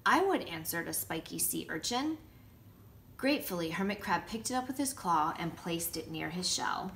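A nursery school teacher, a woman, reading a picture book aloud to children with lively asides. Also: lowish voice, normal speed, creaky, a little hiss or hum. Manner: warm, lively storytelling with asides showing pictures.

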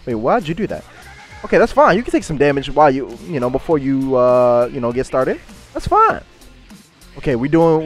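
Excitable high-voiced man trash-talking a game. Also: moderate pace, faint music behind. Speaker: gaming YouTuber. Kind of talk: live gameplay commentary.

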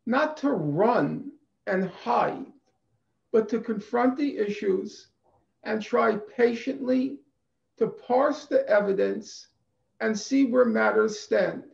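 A man giving a deliberate, emphatic conference talk over a video call, repeating phrases for stress. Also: sits high, creaky, a little mellow. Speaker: conference speaker. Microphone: computer mic on a video call. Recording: echoey, dull video-call audio.

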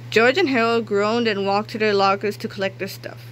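A woman reading a children's book aloud in a lively, expressive way. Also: medium pitch, fairly quick, a little hiss or hum. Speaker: narrator.

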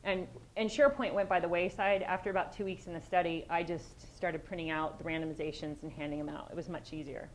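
A woman's voice: on the low side, steady tone, quick pace, hardly any pauses, a little hiss or hum, poor audio. Direct-speaking woman giving a talk. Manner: direct, conversational, with frequent restarts. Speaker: police sergeant presenting at a workshop. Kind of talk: conference presentation.

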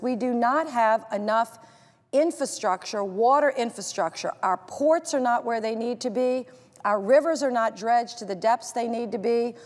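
Woman senator from louisiana fired up and insistent in a speech, fairly high voice, long echo. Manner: impassioned, emphatic, insistent. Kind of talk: political speech.

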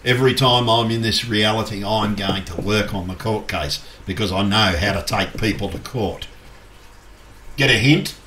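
A man's voice: lowish voice, moderate pace, bright, forceful tone, slight background noise. A man angrily ranting to his viewers, swearing constantly and agitated. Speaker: YouTuber. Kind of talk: angry rant to camera. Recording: echoey room.

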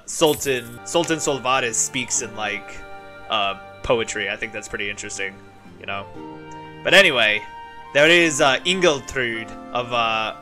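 A man commentating a strategy game in a chatty style who erupts with excitement at big moments. His throat sounds parched and his voice is bright and forceful. Soft game music plays in the background. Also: medium pitch. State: parched, thirsty. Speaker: gaming channel host. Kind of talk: gameplay commentary.

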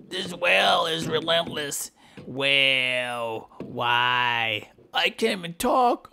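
Bright, teasing let's-play commentator. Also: medium pitch, expressive, measured pace, creaky, slight background noise. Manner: rambling, teasing, pleading with the game. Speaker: gameplay commentator.

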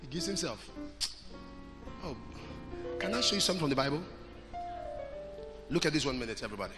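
A man with a Nigerian accent preaching a sermon, moving between loud, shouted lines and quiet storytelling and often asking his listeners questions. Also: a little high, big pitch swings, fairly quick. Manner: swings from shouting to soft storytelling, asks the crowd questions. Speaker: pastor. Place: church hall. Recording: large hall with reverb and music behind.

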